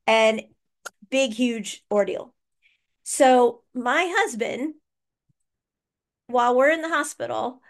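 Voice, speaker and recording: A woman with a high voice tells a family story in casual podcast chat. She is animated and teasing, and she often breaks off to prod her husband into telling his part. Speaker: podcast co-host, mother.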